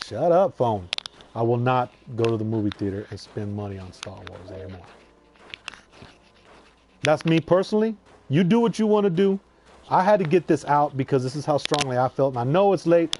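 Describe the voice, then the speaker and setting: A man with a slightly high voice rants through a casual vlog review, heated and profane, circling back over the same points. His lapel mic catches a faint crackle beneath his voice. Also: darkish tone. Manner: heated, profane, repetitive ranting. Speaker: vlogger. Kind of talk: casual movie review rant. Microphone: lapel mic clipped to shirt.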